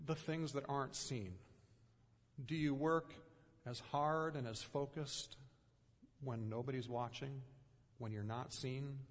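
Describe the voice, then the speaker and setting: A man preaching a sermon in an earnest way, pausing often and letting his voice drop softly at the ends of phrases. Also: medium pitch, in a large hall. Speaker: pastor.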